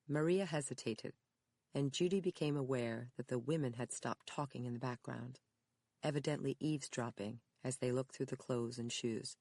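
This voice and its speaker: An audiobook narrator reading a mystery in a steady, measured storytelling manner. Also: mid-range voice, no echo. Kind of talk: scripted narration.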